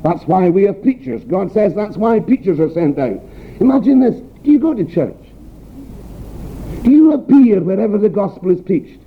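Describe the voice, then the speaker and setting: A man's voice: high voice, expressive, moderate pace, breathy edge. An older man with a broad Scottish accent preaching a sermon, earnest and direct, with pointed rhetorical questions and homely stories. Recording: tinny phone-like recording with faint background noise.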